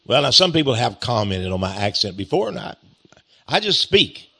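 A man's voice: mid-range voice, very animated, normal speed, creaky, pushed and bright. A man with an East Texas accent, hosting a talk monologue, reading a critical article aloud and mocking it with sarcastic, chuckling remarks. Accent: Texan. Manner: chuckling, drawling, sarcastic, repeats phrases with mock pride. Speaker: host.

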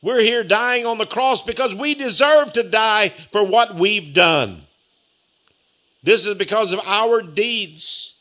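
An earnest, repentant dying thief, pleading and humble, with a high and bright voice as a male preacher acts him out. He speaks slowly. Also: exaggerated voice. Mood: rebuking.

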